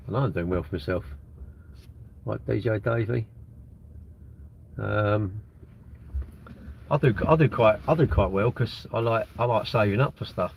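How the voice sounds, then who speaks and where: With long pauses and a measured pace, the sixty-something British streamer speaks in a fairly low, gravelly voice over dull audio and slight background noise. He's in a parked car, phone propped at the windscreen, answering viewers in a loose, rambling way.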